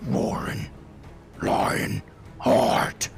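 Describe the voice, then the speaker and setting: A man voicing a monstrous sea beast that speaks inside the heroes' heads, with a gravelly, menacing voice like gravel rubbing on metal. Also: faint music behind. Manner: slow, hungry, menacing.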